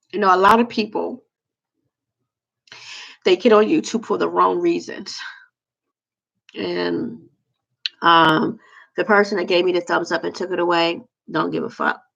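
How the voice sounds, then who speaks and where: A woman's voice: lowish voice, moderate pace, gravelly, long pauses, fairly bright tone, highs cut off. A woman ranting bluntly and candidly on a livestream, rambling with lots of fillers. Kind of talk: livestream vlog rant.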